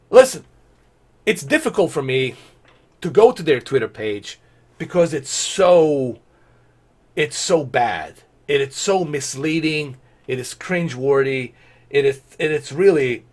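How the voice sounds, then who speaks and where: A man ranting sarcastically and with exasperation in a commentary vlog. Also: mid-range voice. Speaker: gaming commentator.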